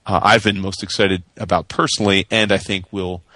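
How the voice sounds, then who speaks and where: Low-voiced man making podcast announcements. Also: little pitch movement, pushed and bright, no room sound. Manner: measured, earnest, plugs pre-orders. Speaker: podcast co-host. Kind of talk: casual chat with announcements.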